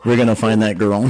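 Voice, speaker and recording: A man's voice: medium pitch, noisy background. A man hosting a casual podcast, laughing a lot and reacting with exclamations. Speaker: podcast host.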